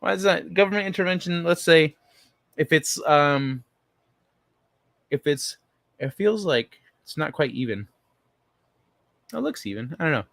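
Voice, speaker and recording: A man's voice: a little high, animated, a little slow, creaky, long pauses, fairly bright tone, no echo. A man hosting a casual livestream, reading chat messages aloud and answering them in a blunt, profane way.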